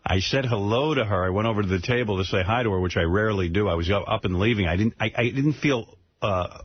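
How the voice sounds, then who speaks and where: A male radio show host telling a story in casual talk, indignant and profane, full of animated asides. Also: fairly low pitch, quick pace, husky. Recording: dull lo-fi radio broadcast.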